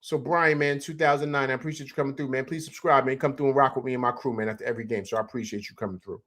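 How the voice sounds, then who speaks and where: A young adult man hosting a casual postgame livestream, breaking down highlights and greeting viewers in an excited, chatty way that is full of fillers. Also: very fast. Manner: excited, animated, repeats "man" and "you know what I'm saying". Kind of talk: casual sports commentary over highlights.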